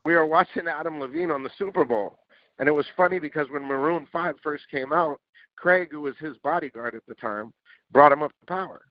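Casting: male podcast guest, lively storyteller, swears freely, acts out dialogue; muffled, dry recording. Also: on the high side, brisk, no echo. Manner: animated, swears, acts out quotes. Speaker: interview guest, music producer. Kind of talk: casual storytelling. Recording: dull lo-fi dry sound.

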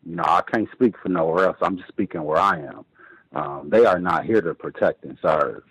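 Low husky-voiced male caller. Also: a bit bright, no echo, rough recording. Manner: hesitant, many ums, measured. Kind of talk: call-in radio commentary.

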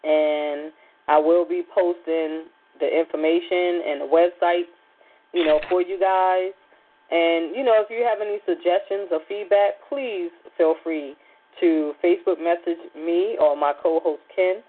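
A woman's voice: fairly low pitch, steady tone, a little slow. A woman hosting a radio talk show, telling a personal story in a rambling, chatty way with many fillers. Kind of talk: casual chat. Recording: phone-like lo-fi radio line.

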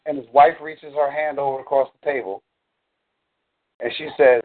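A man's voice: medium pitch, fairly even intonation, normal speed. A man in a coaching call, explaining earnestly and drawing on examples. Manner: earnest, explanatory, uses y'all. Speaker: dating coach. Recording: tinny phone line.

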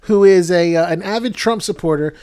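With a high-pitched, slightly mellow, clean-toned voice, this comedy podcast co-host talks a little fast as he loosely recounts a movie's plot. He wanders as he goes and keeps laughing at his own telling.

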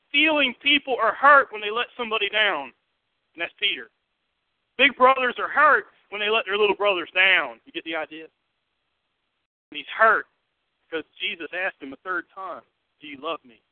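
A male pastor with a high voice, preaching a sermon. He moves from loud, emphatic bursts to quiet, hushed asides and keeps asking the congregation questions. The sound is dry and narrow, like it came over a phone line. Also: moderate pace, long pauses, no echo. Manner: conversational, asks the congregation questions.

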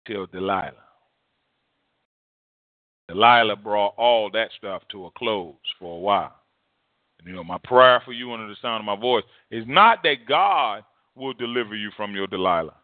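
A man's voice: mid-range voice, dry recording. A male pastor preaching a sermon in an impassioned, emphatic way, repeating phrases for effect, heard over a tinny phone-like line.

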